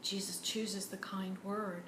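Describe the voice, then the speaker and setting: A woman preaching a sermon in an earnest way, dropping to hushed, near-whispered words for emphasis. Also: mid-range voice, little pitch movement, slow pace, roomy sound, slight background noise, low-quality recording. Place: church.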